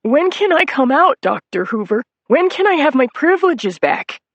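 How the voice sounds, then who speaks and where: A narrator voicing a small, volatile middle-aged man who talks in a peculiar high-pitched whine. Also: sing-song, measured pace, dry recording, highs cut off, exaggerated voice. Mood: pleading whine.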